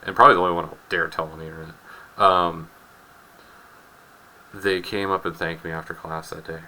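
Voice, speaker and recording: A man's voice: low-pitched, steady tone, fairly quick, sharp tone, rough recording. A man in his twenties, a chemistry teacher telling a wry classroom story and then working through a problem. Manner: wry storytelling, acts out students' voices. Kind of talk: recorded chemistry lesson with anecdote.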